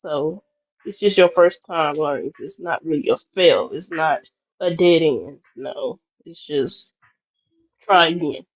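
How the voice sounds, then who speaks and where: A woman chiming in calmly with encouraging words. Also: low-pitched, takes it slowly. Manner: calm interjecting, encouraging. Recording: dull dry lo-fi sound.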